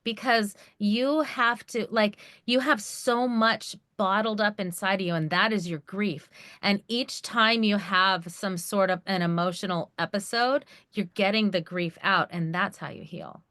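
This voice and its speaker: Female podcast guest with a bright, forceful voice; frank and emphatic, quick to laugh. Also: mid-range voice, fairly even intonation, dry recording, clean studio sound. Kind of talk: conversational podcast interview.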